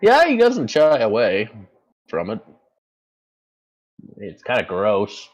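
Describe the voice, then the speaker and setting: A man with a very low voice runs a tabletop game and narrates the scene. He rambles, often stopping mid-sentence to hunt for the right word. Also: huge pitch swings, slow, highs cut off. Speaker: game master.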